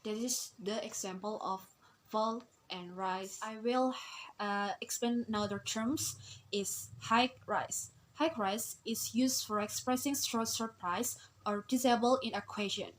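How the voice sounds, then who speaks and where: A young woman explaining a class assignment as a student, hesitant, with frequent pauses and fillers. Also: a little high, steady tone, a little hiss or hum, poor audio. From Indonesia. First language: Indonesian. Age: young adult. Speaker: student presenter.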